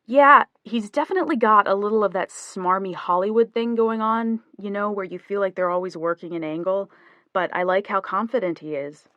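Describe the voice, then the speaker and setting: A woman's voice: medium pitch, moderate pace, dry recording, dull audio, close to an everyday voice. Woman reading as a playful young husband. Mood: teasing. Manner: teasing, joking banter. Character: easygoing playful young husband, rock musician.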